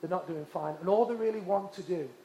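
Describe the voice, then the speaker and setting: A man from England, preaching with passionate, repeated emphasis that drops to hushed tones. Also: high voice, fast talker, a little hiss or hum. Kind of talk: sermon. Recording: echoey hall.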